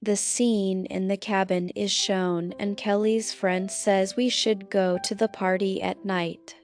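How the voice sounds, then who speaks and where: In a mid-range voice with a level tone, a woman slowly and deliberately reads a scripted film recap, stepping through the plot and quoting lines along the way.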